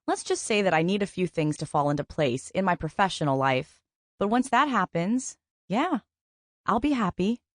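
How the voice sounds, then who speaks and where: A woman's voice: fairly low pitch, lively intonation, normal speed, dry recording, close to an everyday voice. A woman voicing a guarded, ambitious young woman who answers with wry, dry retorts.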